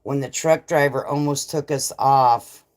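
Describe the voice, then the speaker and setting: A woman's voice: a bass voice, steady tone, measured pace, darkish tone. A middle-aged woman hosting a casual live chat, laughing often and swearing freely as she reads viewers' comments. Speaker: livestream host.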